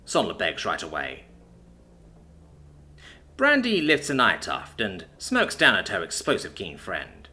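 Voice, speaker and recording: A man narrating a sci-fi story aloud, in steady narration tags between character voices. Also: low-pitched, moderate pace. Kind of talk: audiobook narration.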